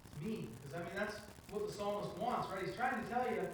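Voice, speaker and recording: A man's voice: high voice, quick pace, a little hiss or hum. A man preaching a sermon in a conversational way, often asking "right?" as he teaches. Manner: conversational, with frequent tag questions. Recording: echoey hall, from far off.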